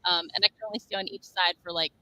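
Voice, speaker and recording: Bright-voiced woman chatting on a stream. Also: lowish voice, steady tone, fast talker. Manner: chatty, reads out chat comments. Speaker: stream co-host. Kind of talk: casual chat on a live stream.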